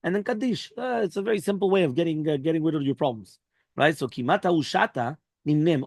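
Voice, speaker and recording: A man teaches a daily Daf Yomi Talmud class, weaving Hebrew and Aramaic phrases into English explanation and acting out dialogue with raised pitch. His lively, darkish voice moves at a quick pace, with no room sound.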